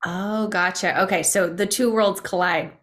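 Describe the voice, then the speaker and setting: A woman's voice: medium pitch, steady tone, measured pace, a bit bright. A woman hosting a podcast, chatting casually and asking curious follow-up questions. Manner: curious, conversational, asks follow-ups. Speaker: podcast host, interviewer. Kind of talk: casual interview chat.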